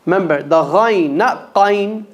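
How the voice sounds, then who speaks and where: A man teaching Quran reading in a mosque class, slowly drilling letter sounds and correcting pronunciation. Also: sits high, noisy background. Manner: slow, clearly enunciated call-and-repeat drilling with correction. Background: class of students repeating.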